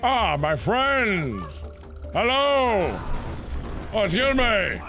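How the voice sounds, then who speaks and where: A man voicing a needy male crustacean alien who calls himself by name and shouts pleas for love and friends. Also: high voice, big pitch swings, very slow, music in the background, full character voice. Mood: pompous. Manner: pleading, loud, talks about himself by name.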